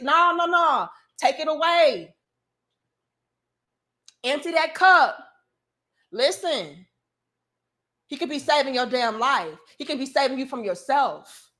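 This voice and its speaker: A high, bright-toned woman. She delivers a casual but preachy opinion monologue with plenty of emphasis. Her voice sits well above the usual range. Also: expressive, a little slow. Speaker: commentary show host.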